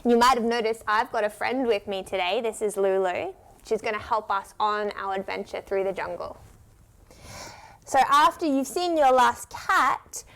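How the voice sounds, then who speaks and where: Speaking on the high side with some vocal fry and a bit of brightness, a woman teaches kids yoga through a story. She stretches her instructions out slowly, quizzes the children, and keeps things playful and supportive.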